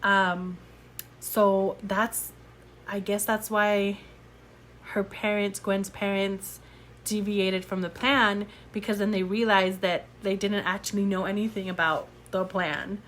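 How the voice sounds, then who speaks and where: A young adult woman chats casually about a book she is reading, gushing over it and filling her speech with "like" and "you know." Her mid-range voice is fairly bright, with little pitch movement, and she takes her time. Slight background noise can be heard.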